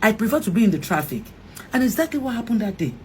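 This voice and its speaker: A woman's voice: medium pitch, fast, a little hiss or hum. A middle-aged Nigerian woman, an actress, telling an emotional story in an interview, acting out what others said and restarting often. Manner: animated, acts out quoted dialogue, frequent restarts.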